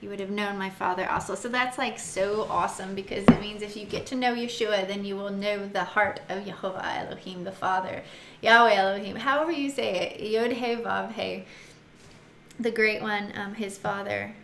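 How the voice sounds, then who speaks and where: A woman's voice: medium pitch, steady tone, moderate pace, creaky, fairly bright tone. A woman casually leading a Bible study, reading scripture aloud, giggling often and stopping to muse on what she reads. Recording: echoey room with faint noise.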